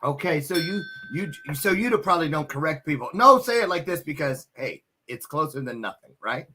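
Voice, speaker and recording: A man's voice: fairly high pitch, expressive, a little fast, sharp tone. A man hosting an interview show, chatty and joking, with frequent restarts and fillers. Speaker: podcast host. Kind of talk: casual interview chat.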